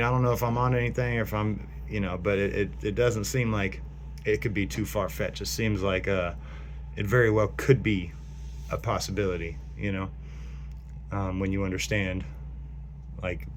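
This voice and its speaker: A man with a lowish voice talks into his phone in a loose, wandering monologue, trailing off and restarting his sentences often. A faint hum runs underneath the recording. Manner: meandering, full of fillers and restarts. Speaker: vlogger. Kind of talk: rambling speculative monologue.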